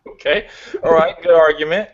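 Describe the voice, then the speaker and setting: Casual swearing film reviewer, muffled line. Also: male voice, fairly high pitch. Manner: swears a lot, casual and emphatic. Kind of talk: casual debate.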